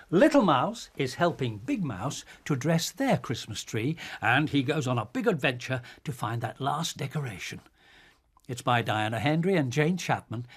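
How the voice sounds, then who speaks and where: An older man reading a children's bedtime story aloud in a slow, expressive storytelling manner. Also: mid-range voice, husky.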